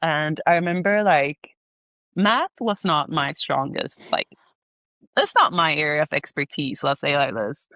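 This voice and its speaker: A woman's voice: deep voice, unhurried, no echo. A young woman from Sweden with a Swedish accent, a podcast guest telling stories in casual chat, filling her speech with "like" and frequent laughter. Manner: storytelling, animated, heavy use of "like", laughs often. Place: remote call.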